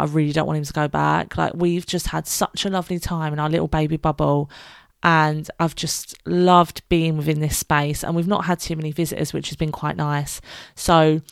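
A woman's voice: deep voice, gravelly, clear, resonant tone, dry recording, studio quality. A British woman hosting her own podcast, talking candidly and chattily, laughing often and swearing freely. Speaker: podcast host. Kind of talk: casual solo podcast chat.

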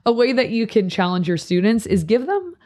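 This is a youth pastor chatting on a podcast with plenty of passion. The voice sits at a middling pitch and bursts into small acted-out quotes as the points stack up. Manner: passionate, animated, quick to act out quotes. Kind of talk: casual podcast chat.

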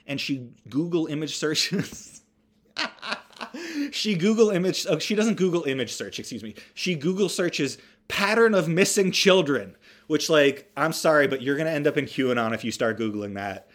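A man's voice: on the high side, animated, normal speed, fairly bright tone. Rambling man doing a wry movie recap. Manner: rambling, wry asides, self-correcting. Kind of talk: casual comedic movie recap.

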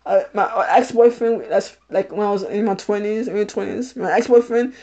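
A woman's voice: mid-range voice, moderate pace, mellow. A woman in her thirties hosting a podcast, telling a personal story in a casual way, laughing often and repeating and restarting her phrases. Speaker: podcast host.

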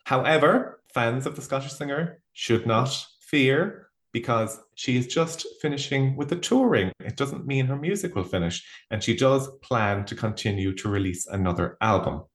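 A man's voice: mid-range voice, expressive, moderate pace, hardly any pauses. A man co-hosting a podcast, reading a news roundup playfully and then chatting casually. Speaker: podcast co-host.

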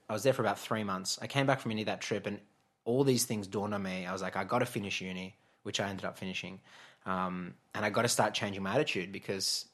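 Male guest, 30s, lowish voice, chatty storyteller with lots of ums and restarts. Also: fairly bright tone. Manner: chatty, laughing, frequent fillers and restarts. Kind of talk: casual storytelling interview.

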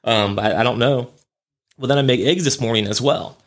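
A man's voice: medium pitch, normal speed. A young man hosting a podcast, rambling through a casual story with lots of fillers, swearing and chuckles. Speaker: podcast host.

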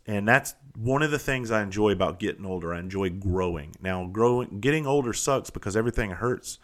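A man's voice: on the low side, brisk, few pauses. A man in his forties with a Southern US accent, telling a rambling, profane story in a casual monologue. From Southern United States. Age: 40s. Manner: profane, animated, rambling and self-interrupting. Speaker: vlogger.

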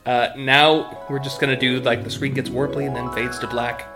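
A man's voice: medium pitch, little pitch movement, normal speed, music in the background. Playful male game master. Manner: playful, with frequent fillers. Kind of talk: narrating a tabletop game.

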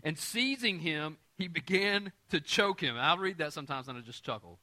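Here a man with a fairly high, sharp-toned voice preaches at normal speed. As pastor, he makes scripture relatable through everyday explanations and light jokes, frequently turning to his listeners to check in.

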